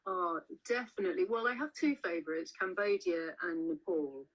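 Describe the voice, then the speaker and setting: A woman's voice: medium pitch, very animated, moderate pace, creaky, muffled recording. A woman author being interviewed over a video call, telling stories in a chatty way with many restarts and fillers. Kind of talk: casual interview chat.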